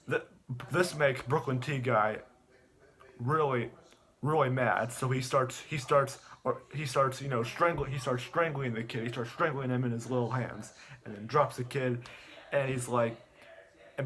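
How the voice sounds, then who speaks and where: A man's voice: medium pitch, a bit bright. A man casually retelling a story in a rambling way, restarting often. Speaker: video host. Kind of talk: casual rambling plot recap.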